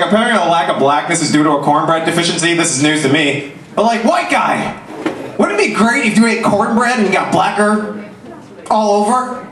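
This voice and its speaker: A man in his twenties doing a stand-up comedy set, self-mocking and punchy, dropping into low asides. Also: a bit bright, recorded from a distance. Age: 20s. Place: comedy club stage. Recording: echoey club recorded from afar.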